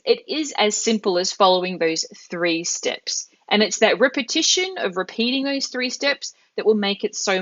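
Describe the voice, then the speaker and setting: This woman is an Italian teacher running a live online lesson; her medium-pitched voice is a touch bright and somewhat muffled by a computer mic. She stays patient and methodical, breaking things down step by step with examples.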